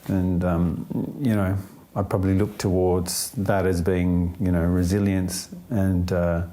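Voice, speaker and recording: A man speaks in a low register with a mellow, soft-edged tone. He answers an interview question thoughtfully, taking his time, pausing on fillers and circling back mid-sentence. His outlook comes across as gently upbeat. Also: level tone. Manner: thoughtful, unhurried, many fillers and restarts.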